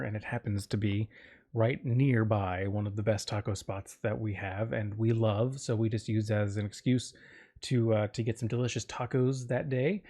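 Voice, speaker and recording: A solo podcast host from Florida, United States, tells a personal story in a rambling, self-interrupting way, full of fillers and jokes. His voice is mid-range and dark in tone.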